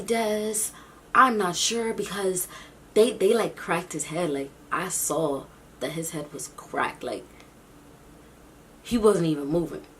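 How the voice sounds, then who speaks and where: A young woman telling a storytime vlog, acting out the people she quotes in an animated way. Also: a little hiss or hum. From New York City. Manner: animated, acts out quotes with big pitch jumps. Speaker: YouTube vlogger.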